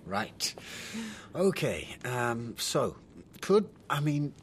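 An actor from the English Midlands playing a polite, hesitant screenwriter in a radio drama. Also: male voice, mid-range voice, big pitch swings, very slow, a little hiss or hum. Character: modest young male screenwriter interviewing an older woman.

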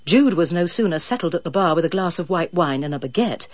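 Woman narrator, measured scripted reading, lively intonation, dry close sound. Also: lowish voice, no echo, lo-fi sound. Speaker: audiobook narrator.

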